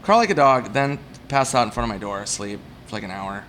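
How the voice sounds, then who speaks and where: A man of middle pitch tells loose, self-mocking comic stories at a bar, slipping into quick voices for the people in them. A faint hum of ambient noise sits under his voice. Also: big pitch swings, a bit bright. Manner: rambling, self-mocking anecdotes with quick acted-out quotes. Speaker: comedian guest. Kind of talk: casual storytelling at a bar.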